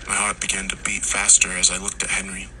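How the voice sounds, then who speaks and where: Low bright-voiced man narrating horror. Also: completely flat delivery, a little hiss or hum, low-quality recording. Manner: slow, hushed storytelling, dropping to whispers.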